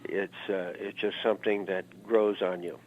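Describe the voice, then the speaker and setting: A man's voice: deep voice, little pitch movement, normal speed, a little hiss or hum. A man in his seventies from Iowa, a musician telling stories in an interview, rambling and anecdotal, with plenty of "uh" fillers. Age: 70s. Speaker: guest musician. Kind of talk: reminiscing interview storytelling. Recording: narrow phone-like interview audio.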